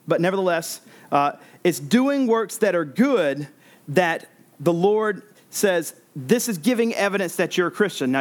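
A man preaching an expository sermon, earnest, repeating words and restarting as he explains. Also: high-pitched.

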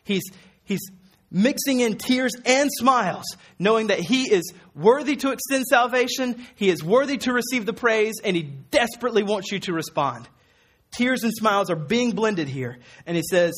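A man's voice: high voice, animated, moderate pace, a bit bright, slightly rough. A man preaching a sermon as a pastor, earnest and emphatic, conversational with repeated words and fillers. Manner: earnest and emphatic, quoting Jesus with rising force.

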